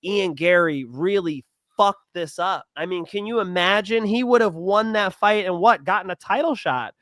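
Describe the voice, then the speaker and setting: A young man with a high, bright-toned voice talks fights and bets in a blunt, animated way, swearing freely. The sound is dry and close, with no room around it. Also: normal speed, no echo. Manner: animated, blunt, swears often, gets loud when worked up. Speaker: MMA podcast co-host. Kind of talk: casual sports betting chat.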